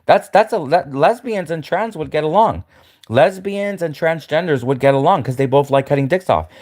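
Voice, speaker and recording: A man with a fairly high voice rants at the camera. He stammers, restarts his sentences and repeats himself in a mocking tone. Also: expressive, moderate pace, darkish tone. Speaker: livestreamer. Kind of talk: ranting monologue to camera.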